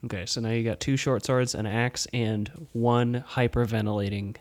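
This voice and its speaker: A man's voice: mid-range voice, fairly even intonation, moderate pace. Casual man running a tabletop game. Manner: casual, swears, laughs often. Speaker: game master.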